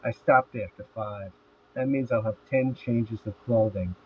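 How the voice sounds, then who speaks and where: A man voicing a frank, worried teenage girl in a script reading, her lines kept plain and even, his voice sitting fairly low. The sound is thin and phone-like, with faint hiss under it. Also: unhurried, lightly acted. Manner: reads each line in a plain, even voice.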